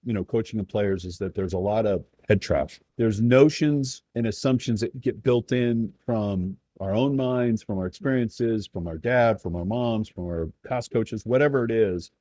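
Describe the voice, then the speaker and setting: A man's voice: fairly low pitch, normal speed, few pauses, dark tone. A man, a guest coach, giving earnest coaching advice in a podcast conversation and acting out players' and coaches' lines.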